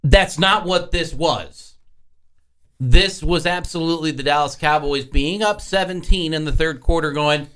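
A man's voice: a little high, measured pace, fairly bright tone. A man hosting a sports talk radio show, talking in an exasperated, sarcastic way.

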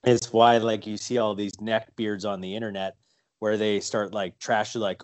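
A man's voice: lowish voice, fairly even intonation, normal speed, a little mellow, dry recording. A man chatting casually on a podcast, rambling with lots of fillers and restarts. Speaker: guest, fighter and wrestler.

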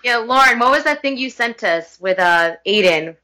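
A woman's voice: a little high, animated, fairly quick, sharp tone. A woman co-hosting a casual podcast chat, wry and giggly. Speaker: podcast co-host.

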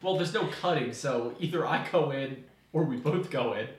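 A player in a tabletop game, talking in a sly, smooth, persuasive way. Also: mid-range voice, normal speed. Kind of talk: tabletop role-play, in character. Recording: roomy echo, faint noise.

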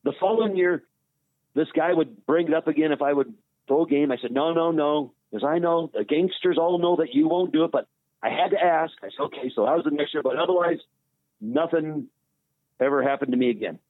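A man, a former baseball pitcher, telling a story in casual conversation and acting out the dialogue as he goes. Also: fairly quick, dry recording. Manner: animated retelling with quoted dialogue. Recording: tinny phone line, dry.

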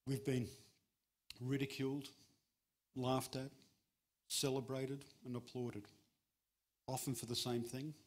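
A middle-aged man preaching as a guest speaker at a church, in a conversational, humorous way, with sudden rises in pitch for emphasis. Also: little pitch movement, slow, long pauses. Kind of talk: sermon.

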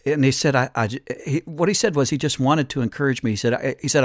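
This is an older man in his sixties telling a story on a podcast, rambling casually and stopping often on fillers. His voice sits at an ordinary middle pitch. It is recorded dry and close, with no room sound. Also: fast, hardly any pauses, no room sound. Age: 60s. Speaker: podcast host.

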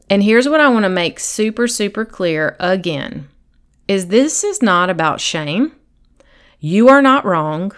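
A woman's voice: lowish voice, lively intonation, measured pace, fairly bright tone, smooth. A woman hosts a faith-based coaching podcast in an earnest, encouraging voice. She talks directly to one listener, now and then acting out that listener's inner thoughts as quotes. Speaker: podcast host and sobriety coach.

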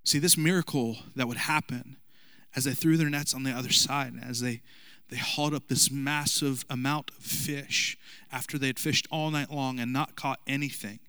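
A man's voice: medium pitch, steady tone, moderate pace, pushed and bright, clean tone, no room sound. A man in his thirties, a pastor giving a casual, joking sermon with asides to the congregation. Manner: conversational, jokey preaching with asides to the congregation.

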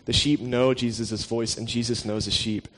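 Relaxed male preacher, mid-pitched voice, joking, chatty sermon delivery. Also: moderate pace. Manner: relaxed and joking, chats with the listeners. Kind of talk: casual conversational sermon.

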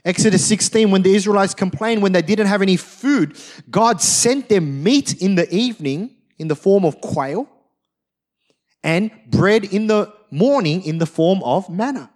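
A man preaching a sermon, telling stories with animated acted-out quotes. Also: high voice, unhurried. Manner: animated storytelling, acts out quotes. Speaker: pastor.

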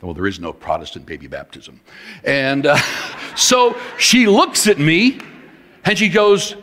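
A middle-aged man preaching a sermon, telling a story in an animated, emphatic way. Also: on the high side, unhurried. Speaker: pastor. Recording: long hall reverb.

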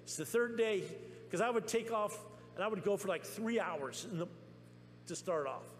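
High-voiced man preaching in an echoing church. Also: normal speed. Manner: excited storytelling with frequent restarts. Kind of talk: testimony sermon. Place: church sanctuary. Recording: long reverb in a church with faint hum.

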